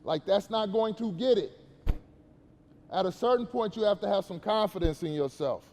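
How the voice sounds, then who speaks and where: Guy with a high voice coaching kids at basketball camp, slangy and preachy, big echo. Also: normal speed, darkish tone, slight background noise. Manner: casual slangy preaching, asks the kids questions. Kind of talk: motivational talk to young players.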